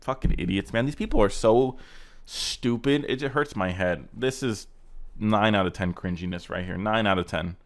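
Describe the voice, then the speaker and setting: A man's voice: fairly low pitch, normal speed. A man hosting a casual reaction video, ranting sarcastically and swearing as he mocks car clips. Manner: sarcastic, ranting, profane roasting.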